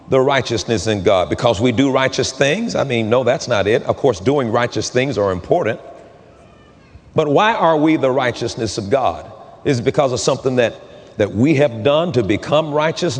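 A man preaching a sermon to his congregation, at times racing and at times drawing phrases out into loud, stretched calls. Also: mid-range voice. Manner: fervent preaching, swings between rapid talk and drawn-out shouted phrases. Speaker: pastor. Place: church sanctuary. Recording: long hall reverb.

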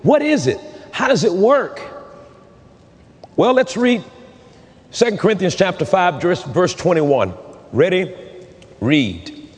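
A fervent male pastor preaching with a fairly high-pitched voice. He races through some lines and stretches others into loud, drawn-out calls. A long reverb hangs on his words in the church. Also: very animated. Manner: fervent preaching, swings between rapid talk and drawn-out shouted phrases. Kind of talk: sermon. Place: church sanctuary.

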